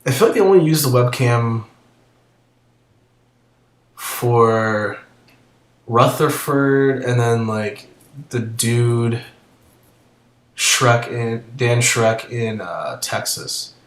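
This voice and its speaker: A man's voice: medium pitch, very slow, long pauses. Blunt muttering man in an echoey room. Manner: blunt, swears, mutters and trails off. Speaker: commentator reading chat logs. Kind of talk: casual commentary.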